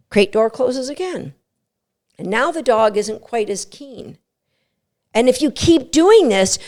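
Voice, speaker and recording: A middle-aged woman hosting a dog training podcast, animated and playful, often breaking into quick voices for what a dog might be thinking. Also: fairly high pitch. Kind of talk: podcast teaching talk.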